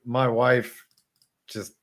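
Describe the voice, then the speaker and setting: Rambling male podcast host, halting. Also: medium pitch, level tone, a bit bright. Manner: rambling, hesitant, many fillers. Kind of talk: casual sports podcast chat.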